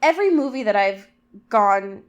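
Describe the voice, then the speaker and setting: A woman co-hosting a podcast in casual chat, cracking quick jokes, ranting in mock quotes and swearing freely. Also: mid-range voice, animated, dull audio. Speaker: podcast co-host.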